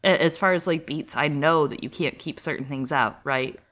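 Lower-voiced woman podcast co-host. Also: moderate pace, fairly bright tone. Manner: dramatic, playful storytelling with crude jokes. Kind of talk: casual chat recapping a series.

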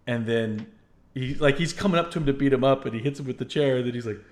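A man's voice: mid-range voice, quick pace, darkish tone. A man hosting a podcast quiz game in casual chat, playful and laughing often. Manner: playful, laughing often, acts out movie lines.

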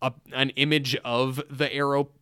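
A man's voice: medium pitch, flat delivery, normal speed, sharp tone, clean tone, no echo, studio quality. A man co-hosting a comedy podcast, recapping a movie in exasperated, jokey rants. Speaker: podcast co-host.

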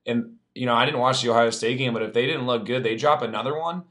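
A man's voice: mid-range voice, steady tone, fast, fairly bright tone. A man speaking as a guest on a sports podcast, reasoning in long run-on stretches. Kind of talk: casual sports chat.

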